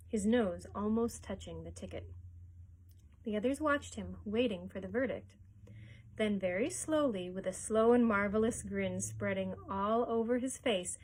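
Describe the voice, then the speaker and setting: A woman reads a children's chapter book aloud for library story time. Her fairly high voice is expressive and lively, and she chuckles along with the story.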